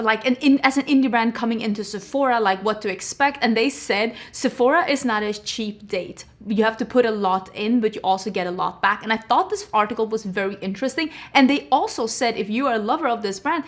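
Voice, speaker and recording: A young woman with a slightly high voice chats casually about beauty products. She talks in a breezy, talkative way and keeps asking her audience rhetorical questions. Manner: chatty, full of rhetorical questions. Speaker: beauty vlogger. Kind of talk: casual chat.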